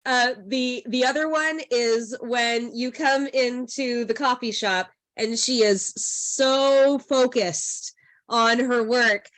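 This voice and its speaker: A woman with a somewhat high voice hosts a podcast interview over a video call. She talks casually and with enthusiasm, reacting eagerly to her guest. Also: fairly even intonation, slow, a bit bright. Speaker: podcast host.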